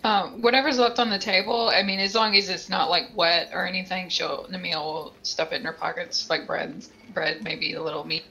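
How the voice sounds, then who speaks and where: A woman playing a tabletop game, musing out loud in a hesitant, casual way. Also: fairly low pitch, steady tone, normal speed, vocal fry, hardly any pauses, a little hiss or hum, rough recording. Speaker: tabletop player.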